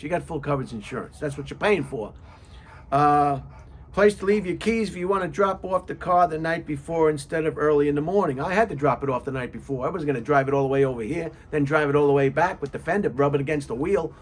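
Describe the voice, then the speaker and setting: A man giving car service tips in a casual monologue, reading questions off a list and rambling with jokes and asides. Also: on the high side. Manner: rambling, repeats words, many fillers.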